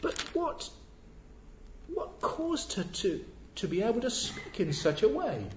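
Preacher with a lively, echoing voice. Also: male voice, very high voice, takes it slowly, slight background noise. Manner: earnest, rhetorical questions, repeats key words for emphasis. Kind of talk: sermon. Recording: echoey, dull lo-fi church recording.

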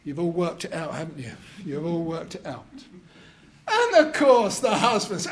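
A man preaching a sermon, deliberate and emphatic, joking with his audience between points of doctrine. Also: a little high, very animated, darkish tone, a little hiss or hum.

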